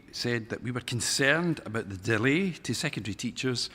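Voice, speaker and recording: A man addressing a conference as a delegate, casual and halting with fillers. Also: medium pitch, animated, bright, forceful tone, slightly rough. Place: conference hall.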